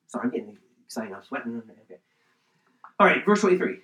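A man preaching a sermon, teaching through a Bible passage in an animated way with asides. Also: mid-range voice, fast talker, pauses often, reverberant, rough recording. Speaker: pastor.

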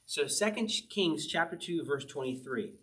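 Conversational male preacher, fairly high voice, verse-by-verse Bible teaching, reads scripture slowly, chuckles often. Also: lively intonation, a bit bright, recorded from a distance. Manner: conversational, laughs often, slows to read scripture aloud. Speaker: pastor.

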